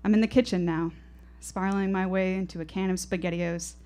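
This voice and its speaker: Young woman reading her own story on stage, lowish voice, reflective. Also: steady tone, brisk, a little mellow. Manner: vivid, reflective first-person narration. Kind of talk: live storytelling performance. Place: stage at a live show.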